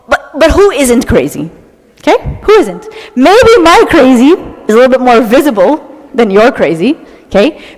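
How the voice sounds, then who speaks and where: Animated high-voiced woman, reverberant hall. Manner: animated, dramatic, ends phrases with "okay?". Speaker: speaker at a church talk. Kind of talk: lively talk to a live audience. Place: church hall with an audience.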